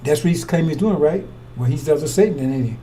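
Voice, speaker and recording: A man delivers a heated sermon in a high, dark-toned voice. He accuses and repeats his points as he works through scripture. His voice sounds distant from the microphone. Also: fast, slight background noise. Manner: accusatory, repetitive, preaching from scripture. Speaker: preacher. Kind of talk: fiery scripture commentary.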